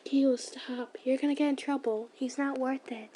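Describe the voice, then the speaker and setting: Woman voicing a gentle, pleading young demon girl. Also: sits high, steady tone, normal speed, a little hiss or hum, lightly acted.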